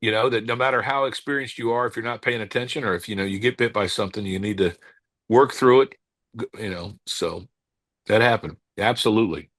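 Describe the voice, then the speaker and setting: Low-voiced man telling fishing stories. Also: no echo. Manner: halting, with many restarts when searching for words; calm, unhurried anecdote telling. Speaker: cigar company owner, podcast guest. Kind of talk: casual interview storytelling.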